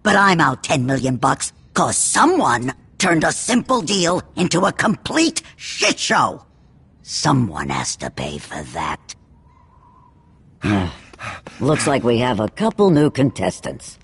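An actor playing a ruthless crime boss in a game, speaking slowly with cold, clipped threats. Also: male voice, medium pitch, huge pitch swings, gravelly, a bit bright, slightly rough, exaggerated voice. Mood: menacing. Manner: slow, threatening, clipped orders.

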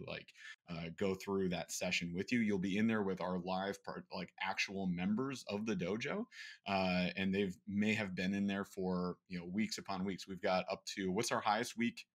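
A man in his thirties co-hosting a sales podcast in casual, energetic talk, acting out little coaching lines. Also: sits low. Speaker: podcast co-host.

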